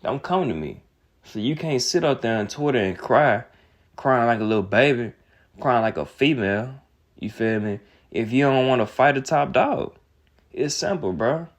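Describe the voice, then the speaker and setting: A man's voice: medium pitch, moderate pace. A young man, ranting in casual commentary with a heated, mocking, repetitive manner. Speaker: boxing commentator.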